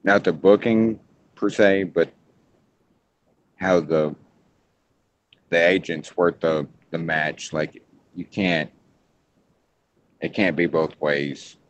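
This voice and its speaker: A man hosting a casual wrestling podcast, talking in halting bursts with frequent restarts. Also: low voice, fairly even intonation. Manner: halting, restarts often, hedges before points. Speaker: podcast host. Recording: muffled lo-fi podcast audio.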